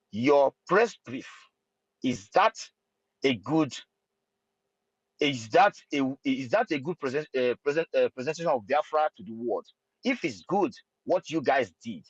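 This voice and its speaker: A man's voice: medium pitch, breathy edge, dry recording. Guy in an online space, lots of uhs and restarts, dull dry audio. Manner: hesitant, many fillers and restarts. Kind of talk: impassioned political talk.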